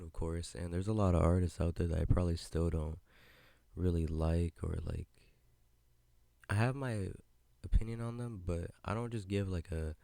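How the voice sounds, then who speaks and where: A young man hosts a casual solo podcast, rambling in a loose, laid-back way and swearing often, his very low voice gravelly and dark with a steady tone at normal speed. He sits close to a podcast mic, wearing headphones, in a dry, dead-sounding space with no echo.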